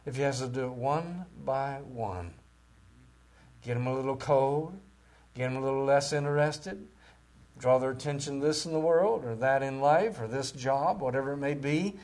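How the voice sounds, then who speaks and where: A man preaching a sermon with great passion, rising to loud cries and dropping to near-whispers. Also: medium pitch, normal speed. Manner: impassioned, swings from shouting to near-whispers.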